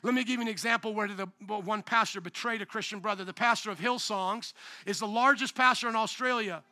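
A man's voice: high-pitched, quick pace, sharp tone, no echo. A man, a pastor, preaching a sermon in an emphatic, conversational way and often asking the congregation questions.

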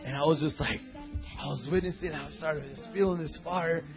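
An animated man preaching from the pulpit, his voice on the higher side. He reads scripture slowly and drifts into personal stories packed with fillers and acted-out voices. The recording is dull and lo-fi, with faint music underneath. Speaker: pastor. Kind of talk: sermon with storytelling.

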